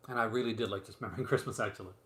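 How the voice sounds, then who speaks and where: A man's voice: fairly low pitch, steady tone, racing, a bit bright. A man hosting a casual live stream, chatty and rambling as he shows off movie releases at home. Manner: chatty and rambling, many fillers and asides. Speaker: host showing physical media releases. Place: room at home. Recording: roomy echo, faint room noise.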